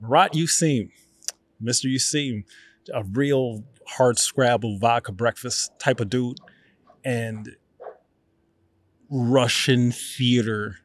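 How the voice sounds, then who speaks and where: Lively New man telling stories. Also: mid-range voice, takes it slowly, long pauses. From New York. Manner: lively, acts out quotes. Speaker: guest, actor. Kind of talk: animated storytelling.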